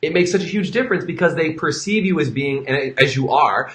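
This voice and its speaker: A man hosting an interview, enthusiastic and animated, playing devil's advocate for hairdressers. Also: on the high side, fairly quick. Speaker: interview host. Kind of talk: conversational interview. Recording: echoey room.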